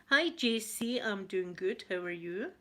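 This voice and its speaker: A woman's voice: medium pitch, lively intonation, measured pace, pushed and bright. A middle-aged woman with a Scottish accent, hosting a casual chat with viewers and reading out their comments. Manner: chatty, reads out viewer comments, laughs often. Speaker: ASMR livestream host.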